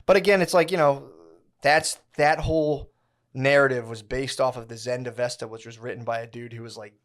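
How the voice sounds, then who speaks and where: A man's voice: mid-range voice, fairly even intonation, a little fast, fairly bright tone. Rambling, profane young man. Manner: rambling, profane, slangy storytelling with many fillers. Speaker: podcast co-host. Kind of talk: casual podcast chat.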